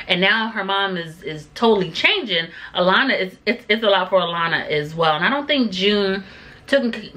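A woman's voice: on the low side, bright, forceful tone. A woman giving a casual, chatty recap of a TV episode, full of fillers and sassy asides. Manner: sassy, talks back to the people on the show. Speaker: TV show reviewer.

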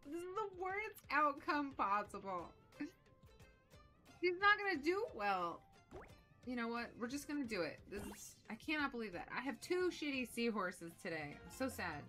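A young adult woman chatting casually with viewers while playing a video game, animated and quick to exclaim. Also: high voice. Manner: animated, shrieks when excited, drops soft when focused. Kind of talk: casual let's-play commentary chatting with chat.

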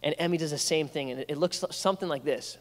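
A man's voice: a little high, fast. A young man preaching a sermon as pastor, telling stories in a conversational way with playful asides. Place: church sanctuary. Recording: reverberant church hall.

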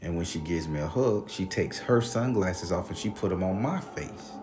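A man casually telling a personal ghost story in a rambling, profane, animated way. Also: sits low, normal speed, music in the background.

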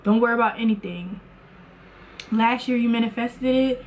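A woman's voice: fairly high pitch, moderate pace, a little hiss or hum. Chatty preachy woman vlogger. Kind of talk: casual motivational faith talk.

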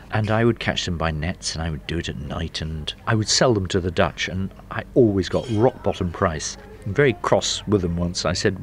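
A middle-aged man, a smokery owner, telling his story in a lively, chatty way. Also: sits low, fairly quick, hardly any pauses, a little hiss or hum. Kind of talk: anecdotal storytelling.

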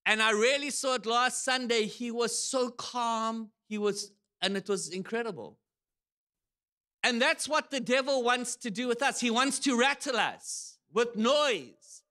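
A man preaching from the pulpit in a high, bright voice. He tells stories with animated energy, sometimes shouting out the lines he quotes. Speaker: pastor. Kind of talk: sermon. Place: church.

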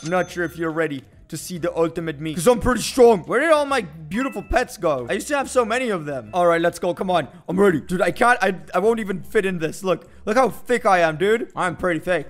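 Young male game commentator, high voice, boastful bursts, hyped delivery. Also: quick pace, few pauses. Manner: energetic, boastful, swings between shouting and muttering. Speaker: gaming video host. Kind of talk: excited gameplay commentary.

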